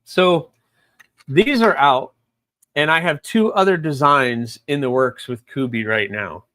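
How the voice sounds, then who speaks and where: Laid-back man talking slowly about knives. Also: a little high, pushed and bright, no echo. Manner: laid-back, halting, searches for names. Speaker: co-host and knife sharpener. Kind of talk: casual live chat.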